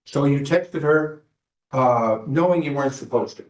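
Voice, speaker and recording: Lawyer guy asking yes-no questions, lots of uhs, room echo all over it. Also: mid-range voice. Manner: halting, many filler pauses. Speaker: defense attorney. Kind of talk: courtroom questioning. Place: courtroom. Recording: echoey courtroom.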